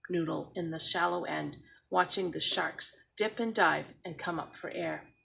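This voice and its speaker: A woman reads a children's chapter book aloud in an expressive, animated way. Her voice sits slightly low and is full of gravelly creak. She keeps a slow, unhurried pace. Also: rough recording. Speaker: storybook reader.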